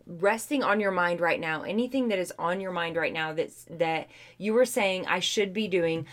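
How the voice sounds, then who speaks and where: A woman's voice: on the low side, normal speed. A woman co-hosting a casual podcast, giving an upbeat, encouraging sign-off. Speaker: podcast co-host.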